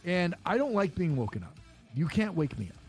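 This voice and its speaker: A man's voice: very animated, brisk, darkish tone, soft background music. A man chatting casually as a podcast co-host, swearing often and telling stories with voices for the people he quotes. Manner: profane storytelling, acts out quotes in a higher voice. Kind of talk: casual chat.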